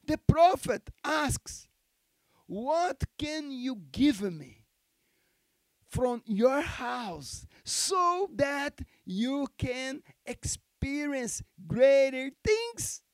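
Emphatic pastor preaching, high and very slow. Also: male voice, very animated, no echo. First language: Portuguese. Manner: emphatic, repeats key phrases, calls for amens. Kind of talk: sermon. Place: church.

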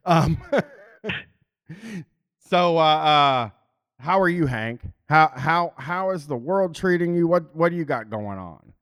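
A man's voice: fairly high pitch, lively intonation, slow pace, fairly bright tone, clear, resonant tone. A man hosting a casual stream, blunt and joking, with frequent swearing. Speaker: stream host. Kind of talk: casual chat.

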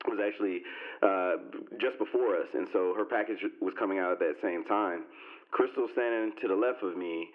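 A man with a fairly low voice recounts an encounter in a relaxed group chat. He brings it to life by mimicking other people, his pitch leaping up for each quote. The sound is tinny and narrow, like a phone line. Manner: animated, acts out quoted voices with sharp pitch jumps. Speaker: podcast guest telling a story. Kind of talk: casual storytelling in a group conversation.

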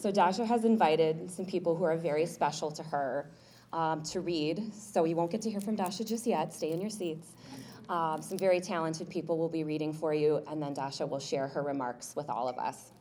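A woman introducing an honoree at a ceremony, reading prepared remarks and often pausing with um. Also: deep voice, dark tone, slight background noise. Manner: reads prepared remarks with frequent um fillers. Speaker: ceremony presenter. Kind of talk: formal introduction speech.

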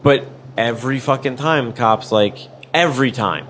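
Podcast host, a man, middle pitch, swears constantly, over a faint noise floor. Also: normal speed. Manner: profane, animated storytelling with acted-out quotes. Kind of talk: casual storytelling chat.

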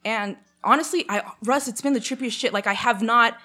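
A woman's voice: on the high side, a little fast. Chatty woman telling a story. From Canada. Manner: animated, many fillers, acts out quotes. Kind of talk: casual storytelling chat.

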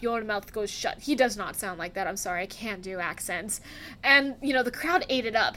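A woman with a high, lively voice hosts a casual wrestling recap. Her delivery is chatty and enthusiastic, with self-mocking jokes tossed in along the way. Her tone is bright and forward. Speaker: podcast host.

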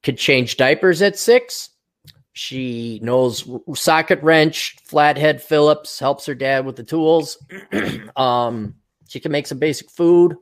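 A man's voice: fairly high pitch, takes it slowly. A man co-hosting a casual talk show, blunt and profane, rambling and slipping into mocking voices. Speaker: podcast co-host. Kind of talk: casual chat.

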